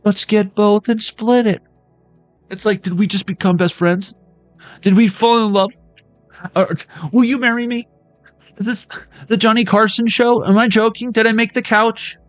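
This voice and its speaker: A man's voice: high-pitched, steady tone, normal speed, pauses often, no echo, soft background music, voice pushed up, close to an everyday voice. A man putting on the voice of a giddy, lovestruck man who gushes in a sing-song way.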